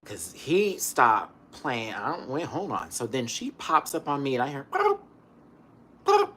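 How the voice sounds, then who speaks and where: A man ranting casually on camera, swinging between loud outbursts and hushed muttering, still recovering from an illness. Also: medium pitch, very animated, normal speed, slight background noise. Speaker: vlogger.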